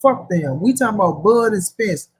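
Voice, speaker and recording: High husky-voiced man ranting. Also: expressive, moderate pace, low-quality recording. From St. Louis, USA. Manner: profane, slangy, repetitive rant. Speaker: boxing commentary host. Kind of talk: casual boxing talk.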